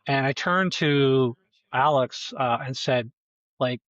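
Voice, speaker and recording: Halting man on dull lo-fi audio. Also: medium pitch, a bit bright, no room sound. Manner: halting, many restarts and fillers. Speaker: filmmaker guest. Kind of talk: casual conversation.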